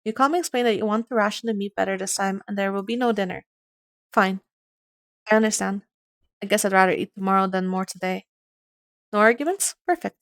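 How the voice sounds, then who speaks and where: A woman's voice: mid-range voice, fairly even intonation, fairly bright tone, no room sound. Young woman reading a horror game aloud. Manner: reads narration aloud, swears in quick reactions. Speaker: gaming video host.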